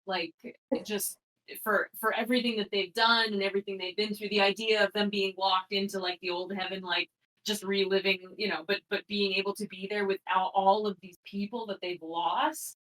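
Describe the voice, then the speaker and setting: A woman's voice: medium pitch, steady tone, moderate pace, far from the mic, poor audio. A woman on a podcast who often agrees with short affirmations and speaks a bit away from the mic. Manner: warm agreeing listener, many short affirmations. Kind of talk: casual podcast chat.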